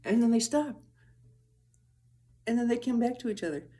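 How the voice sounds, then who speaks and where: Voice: mid-range voice, expressive, moderate pace, mellow. A person talking casually to camera in a rambling, profane vlog monologue, chuckling often and trailing off mid-thought. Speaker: vlogger.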